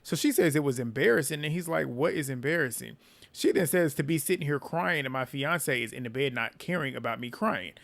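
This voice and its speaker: Lively slangy man recapping a show. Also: on the high side, brisk, vocal fry. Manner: animated, laughing asides, slangy. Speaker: reality TV recap host. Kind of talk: casual commentary recap.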